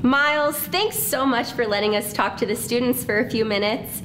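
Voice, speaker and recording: A woman's voice: a little high, fairly bright tone, a little hiss or hum. A woman presenter talking cheerfully with a mascot and leading students in a cheer at a school assembly. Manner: slow, cheerful, leads chants.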